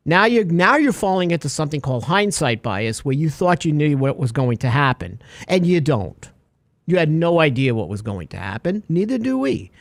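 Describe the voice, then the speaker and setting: A man co-hosting a financial talk show, talking in a jokey, animated way and leaning on extended sea metaphors, tired from little sleep. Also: a little high, dry recording, studio quality. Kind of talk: casual radio finance chat.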